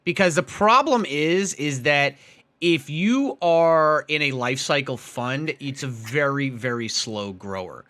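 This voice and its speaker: A man hosting a live stream call-in show, excitable and rambling, with many restarts. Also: fairly high pitch, slow. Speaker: host.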